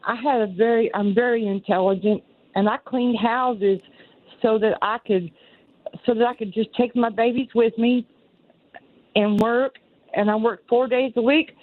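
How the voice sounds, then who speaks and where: On a tinny phone line, a radio caller in her sixties with a Southern accent earnestly tells a rambling story full of repetition. She speaks unhurriedly in a higher voice with fairly even intonation.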